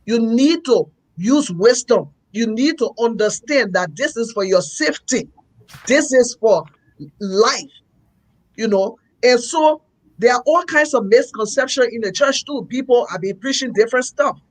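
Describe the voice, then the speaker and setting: A man's voice: extremely high pitch, lively intonation, measured pace, low-quality recording. Pastor guy on a talk show, earnest and preachy, repeats himself a lot. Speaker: pastor and co-host. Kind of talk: opinionated talk-show commentary.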